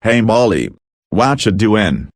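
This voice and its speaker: A male text-to-speech voice playing a friendly cartoon man, read in a steady computer manner. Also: fairly low pitch, slow pace, no room sound, studio quality, exaggerated voice.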